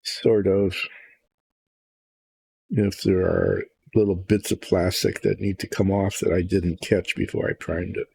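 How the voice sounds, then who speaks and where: A man hosting a relaxed miniature painting session, rambling in a self-deprecating, indecisive way. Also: sits low, a little slow, creaky, a little hiss or hum. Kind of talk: relaxed hobby chat while painting.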